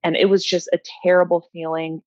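A woman's voice: fairly low pitch, flat delivery, a little fast, darkish tone, no echo. A young woman, a bike racer, giving open and reflective interview answers, with many "you know" fillers. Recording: dull, dry lo-fi audio.

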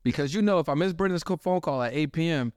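Podcast guy chatting slangy and emphatic, smooth clear voice, dry sound. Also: on the high side, fast, no echo. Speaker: podcast guest. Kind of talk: casual conversational interview.

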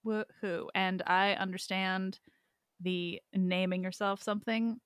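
A woman hosting a podcast in casual chat, talkative and quick to laugh, saying "like" a lot. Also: mid-range voice, fairly even intonation, fairly bright tone, clear, resonant tone, no room sound, clean studio sound. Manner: chatty, laughs often, says like a lot. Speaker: podcast host. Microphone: home podcast microphone.

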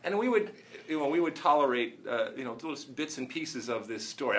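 A former soccer player telling a story in casual chat, halting with fillers and restarts. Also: male voice, mid-range voice, lively intonation, fairly bright tone. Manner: rambling, halting anecdotes with many fillers and restarts.

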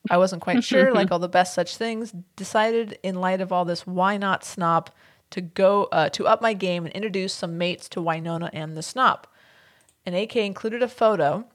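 A woman's voice: on the low side, moderate pace. American woman co-hosting a chatty podcast, reads listener notes, lots of laughing. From United States. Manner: laughs often, reads listener messages aloud. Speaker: podcast co-host. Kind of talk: casual chat.

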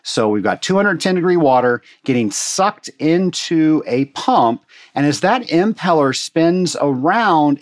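A man giving a casual, folksy technical lesson, answering a listener's question step by step. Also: mid-range voice. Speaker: water treatment instructor answering a listener question. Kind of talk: casual instructional talk. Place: Atlanta.

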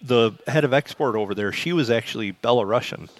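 A man's voice: medium pitch, brisk. Dry-humored man telling anecdotes. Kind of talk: casual chat.

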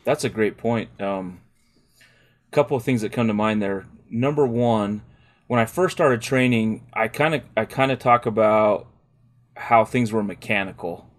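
Man, podcast co-host, casual chat, lively storyteller, laughs a lot. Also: fairly low pitch, unhurried. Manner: animated storyteller, laughs often, acts out quotes. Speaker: podcast co-host, dog trainer.

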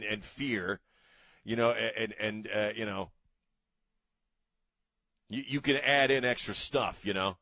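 A man's voice: medium pitch, a bit bright, dry recording. A man from Maryland hosting a talk radio show, rambling and emphatic with plenty of fillers. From Maryland, USA. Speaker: radio host.

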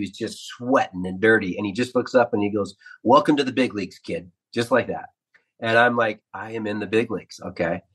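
Man in his 50s, ex-ballplayer guest, husky lower voice, lively storyteller. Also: low-quality recording. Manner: animated anecdotes, acts out quotes. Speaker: former ballplayer, radio analyst. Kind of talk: storytelling interview.

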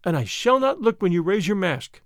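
A man's voice: high voice, very animated, fairly quick, dry recording, clean studio sound. A man doing an earnest young noble lady. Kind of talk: audiobook character voice.

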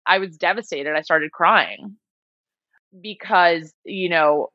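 A woman's voice: lowish voice, takes it slowly, dry recording. Woman telling a personal story, lo-fi. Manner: animated, mimics people in quotes. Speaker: guest. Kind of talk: casual interview storytelling. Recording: slightly dull lo-fi sound.

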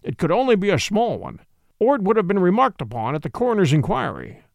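A man voicing a brilliant, calm male detective who explains things in a measured way. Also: high voice, creaky, dry recording, clean studio sound, exaggerated voice. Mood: grave, explaining.

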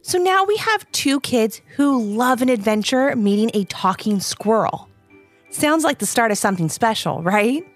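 A woman co-narrating a children's story with playful, chatty asides. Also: medium pitch.

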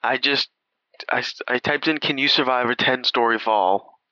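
A man co-hosting a podcast, recapping a movie in crude, laughing, animated casual chat. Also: mid-range voice, normal speed, dry recording, muffled recording. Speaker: podcast co-host.

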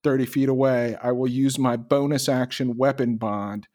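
A man's voice: medium pitch, level tone, moderate pace, a little mellow. A man playing a fighter in a tabletop game, upbeat and joking. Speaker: player.

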